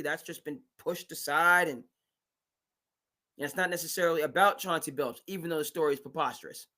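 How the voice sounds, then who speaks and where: Host, male, high bright voice, animated and emphatic live sports talk. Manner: animated, emphatic, mimics owners in asides.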